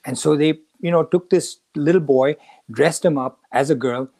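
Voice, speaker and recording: A man hosts a casual spiritual talk, telling a story with animated turns as he voices each character. His voice sits a bit high for a man. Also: moderate pace, gravelly. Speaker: podcast host.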